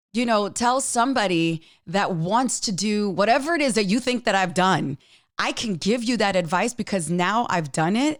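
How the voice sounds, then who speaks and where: Here a podcast host talks on her own, medium in pitch, urging the listener on earnestly and emphatically in a motivational monologue while fighting back tears. There's no echo, and the sound is studio clean.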